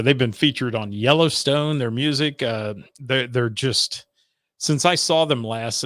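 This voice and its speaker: A man's voice: medium pitch, a bit bright, no echo. A man hosting a music radio show, chatting casually and rambling with lots of fillers while he thanks viewers for their comments. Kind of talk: casual live-stream chat, reading viewer comments.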